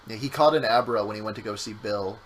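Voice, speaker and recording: A man's voice: fairly low pitch, fast, fairly bright tone, a little hiss or hum, poor audio. A man streaming a game with his partner, chatting casually and joking around, sometimes breaking into silly voices. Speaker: co-host playing a game on stream. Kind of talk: casual gameplay chat.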